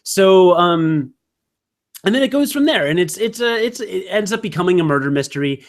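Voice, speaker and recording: In a casual podcast chat, a male co-host with a high, animated voice talks at normal speed. He rambles and pokes fun at himself, dropping in plenty of fillers.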